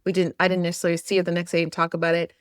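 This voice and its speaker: A woman hosting a podcast, telling a story in a reflective, unhurried way. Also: fairly low pitch, monotone, clear, resonant tone, no room sound, studio quality. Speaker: podcast host. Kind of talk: casual podcast chat.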